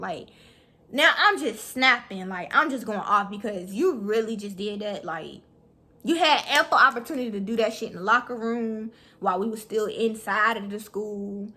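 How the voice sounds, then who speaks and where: A young woman telling a story in a vlog, animated and profane, talking fast. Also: medium pitch, slightly rough. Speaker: vlogger.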